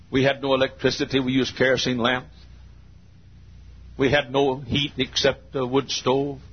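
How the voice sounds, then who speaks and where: A man in his sixties preaching a sermon in church. He tells folksy stories and swells into fervent near-shouting. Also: mid-range voice, husky. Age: 60s. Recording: dull lo-fi sermon recording.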